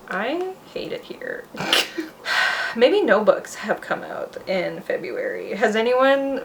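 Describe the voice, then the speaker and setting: A young woman talking casually on her own book vlog, animated and often laughing as she talks to herself. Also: medium pitch. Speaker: booktuber.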